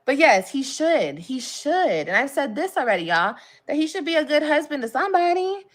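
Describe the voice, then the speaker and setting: A woman's voice: sits high, big pitch swings, moderate pace. A woman talking casually on a livestream, blunt and heavy on swearing as she vents to her viewers. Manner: blunt and profane, emphatic venting.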